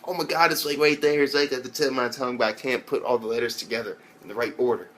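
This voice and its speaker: A young man talks through an anime episode in a casual, rambling way, swearing constantly. His voice sits in a middle register. He keeps breaking into loud, high impressions of the characters. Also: steady tone, fast, a little hiss or hum. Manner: rambling, loose, swears a lot, mimics characters in raised voices. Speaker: anime reviewer. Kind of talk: casual profane recap.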